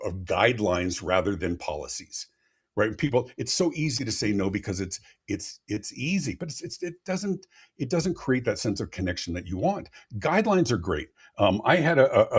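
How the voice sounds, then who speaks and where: On a live podcast, a customer experience expert tells animated stories over a remote call, frequently doubling up words at the start of sentences. He's a man with a lowish, slightly rough voice.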